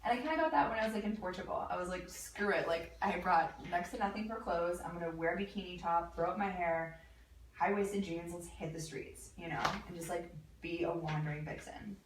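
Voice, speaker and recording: A woman, a lingerie designer and guest, telling animated stories in casual chat and laughing often. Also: on the low side, brisk. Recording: echoey room, mic at a distance, faint noise.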